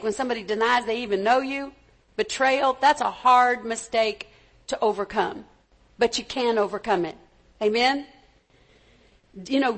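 A woman preacher giving a conversational sermon, stopping to ask her congregation for an amen. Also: sits high. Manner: conversational, calls for amens from the congregation.

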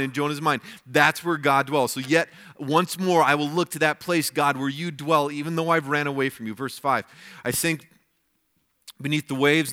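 A man's voice: a little high, bright, forceful tone. A man preaching a weekend sermon, reading scripture passages aloud and explaining them to the congregation. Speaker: pastor.

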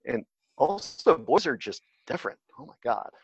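A man's voice: mid-range voice, big pitch swings, moderate pace, gravelly, breathy edge, no room sound. A man talking casually as an interview guest, hesitant and full of fillers and restarts, heard on a dull, slightly lo-fi recording. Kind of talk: casual conversation.

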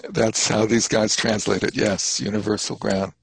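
A man teaching a class on Buddhist texts, explaining terms thoughtfully and haltingly. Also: on the low side, little pitch movement, creaky, husky, no echo, rough recording.

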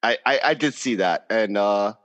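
A man's voice: fairly low pitch, moderate pace, fairly bright tone, big-room sound. A man hosting a casual chat over a video call, talking with passion and repeating himself for emphasis. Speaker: podcast host.

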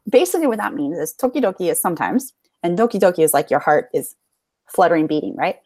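A woman's voice: lowish voice, expressive, fast, darkish tone, dry recording. Bubbly American woman telling stories. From United States. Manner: chatty, bubbly storyteller, laughs often. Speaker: podcast guest. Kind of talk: casual chat.

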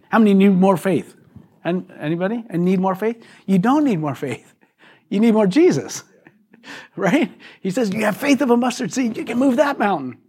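A man's voice: high-pitched, a little mellow, breathy edge. A man, a pastor, preaching a conversational sermon to his congregation, asking questions and laughing often. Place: church hall.

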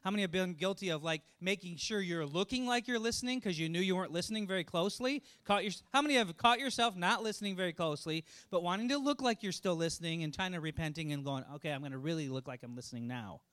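A man's voice: high-pitched, expressive, quick pace, hardly any pauses, a bit bright, clear, resonant tone. A middle-aged man preaching a conversational sermon, chatty, laughing often and repeating words as he thinks aloud. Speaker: pastor.

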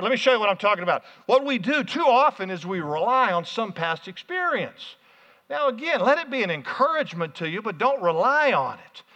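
A man preaching a sermon as pastor, energetic, calling out to the congregation in a church hall. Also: high-pitched. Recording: muffled, hall reverb.

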